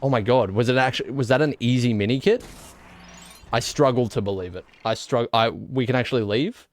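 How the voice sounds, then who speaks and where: Speaking a little fast at medium pitch, a man with an Australian accent chats casually while live-streaming a game. He rambles and jokes with mock indignation.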